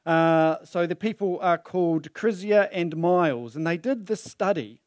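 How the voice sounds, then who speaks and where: A man preaches a sermon, acting out the story with plenty of energy and his voice rising and falling. His voice sits slightly high for a man. The sound is close and dry, picked up on a microphone. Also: measured pace, no echo. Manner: animated, dramatizing the story with voices. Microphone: handheld or stand mic.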